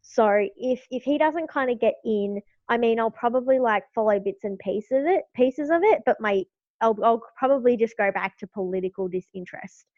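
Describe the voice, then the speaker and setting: A woman's voice: fairly high pitch, animated, moderate pace, dry recording, dull audio. A young Australian woman talking frankly as a podcast guest, with many fillers. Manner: chatty, lots of fillers, frank. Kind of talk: casual political chat.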